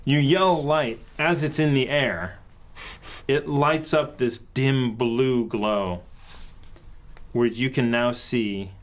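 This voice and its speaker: A man narrating as dungeon master of a tabletop game, relaxed and halting, with many fillers. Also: mid-range voice.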